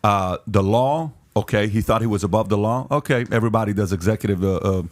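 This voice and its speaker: A man's voice: lowish voice, fast talker. A man hosting a podcast debate, pressing his points, cutting in and repeating himself for emphasis. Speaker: podcast host.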